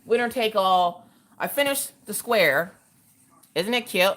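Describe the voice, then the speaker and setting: Animated woman greeting her livestream chat. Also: medium pitch, slow pace. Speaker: livestream host. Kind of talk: casual livestream chat while crafting.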